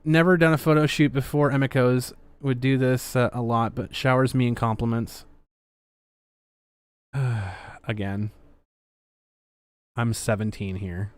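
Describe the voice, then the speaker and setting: A man's voice: medium pitch, takes it slowly, long pauses, clean tone, no echo. Sarcastic man reading chat on stream. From Canada. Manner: sarcastic, swears, reads chat aloud. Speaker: livestream host. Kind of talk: casual livestream commentary.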